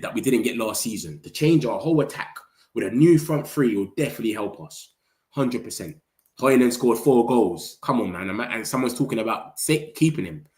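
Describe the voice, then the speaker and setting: A man, talking excitably in slang as a football fan streamer and reacting to his chat. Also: medium pitch. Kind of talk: casual livestream commentary. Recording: roomy echo.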